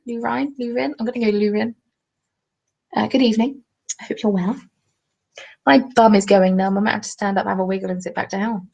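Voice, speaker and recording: Young southern English woman, mid-pitched with vocal fry; chatty, jokey home live-stream host on a webcam. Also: darkish tone, rough recording. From England. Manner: chatty, jokey, reads viewer comments aloud. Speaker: craft vlogger. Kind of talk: casual live-stream chat. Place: at home, seated.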